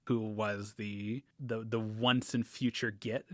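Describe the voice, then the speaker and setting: A man's voice: lowish voice, flat delivery, slow pace, no echo, studio quality. A man hosting a casual podcast, recapping fantasy game lore in a rambling way with fillers and frequent laughs. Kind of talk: casual chat.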